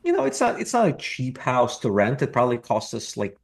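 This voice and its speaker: Speaking in a creaky, mid-range voice whose pitch swoops wildly, this middle-aged man from Russia talks fairly quickly. He's a real estate investor guesting on a podcast, and his casual interview talk is reflective and repetitive, with a dry sense of humor.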